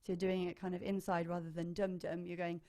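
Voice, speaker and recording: A woman with a fairly low, dark voice speaks quickly and flatly. She's a choir leader teaching harmony parts online, chatty and enthusiastic, singing short phrases to demonstrate, with hesitant fillers along the way.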